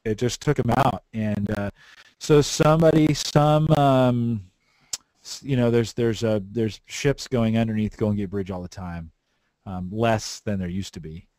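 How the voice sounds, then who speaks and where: A man from the San Francisco Bay Area hosting a podcast, talking in a relaxed, rambling way. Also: lowish voice, a little slow, dry recording. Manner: relaxed, rambling, frequent restarts. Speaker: podcast host. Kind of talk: casual chat.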